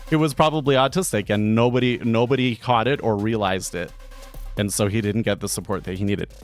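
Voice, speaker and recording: Low-voiced man rambling on a stream. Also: brisk, soft background music. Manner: rambling, many restarts and fillers. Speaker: day trading streamer. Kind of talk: casual live-stream monologue.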